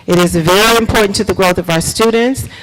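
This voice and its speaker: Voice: mid-range voice, fairly quick, fairly bright tone, poor audio. Emphatic superintendent repeating every point. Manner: preacher-like, repeats key points, quizzes the audience. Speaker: school superintendent. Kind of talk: announcements at a public board meeting. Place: school board meeting in a school.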